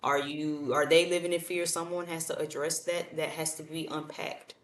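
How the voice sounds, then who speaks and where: A woman's voice: sits low, flat delivery, moderate pace. A woman giving a casual tarot reading, speaking bluntly and colloquially, repeating herself and addressing viewers directly. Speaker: tarot reader. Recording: echoey room, far from mic.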